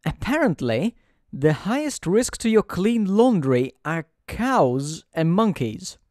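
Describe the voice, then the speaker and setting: A man's voice: sits high, very animated, takes it slowly, a little mellow, no room sound. A man giving dry, sarcastic gameplay commentary as host of a let's play.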